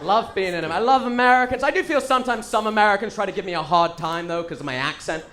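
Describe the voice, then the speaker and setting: A young man from England with an English accent doing a stand-up set, deadpan punchlines and acted-out dialogue. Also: sits high, fast talker. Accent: English, Manchester. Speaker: stand-up comedian. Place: comedy club stage. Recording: live club recording, loud crowd noise. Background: loud audience laughter.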